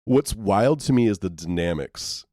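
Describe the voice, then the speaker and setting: Deep-voiced rambling male co-host. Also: expressive, measured pace, warm tone, dry recording, clean studio sound. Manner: rambling, many fillers. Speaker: podcast co-host. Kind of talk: casual movie review chat.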